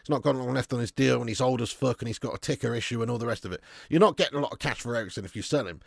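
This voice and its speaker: A man hosts a casual fan livestream, reading viewer chat aloud with blunt, jokey banter, swearing freely and calling people mate and lad. His mid-range voice is gravelly and races along. The recording is dry, with clean studio sound.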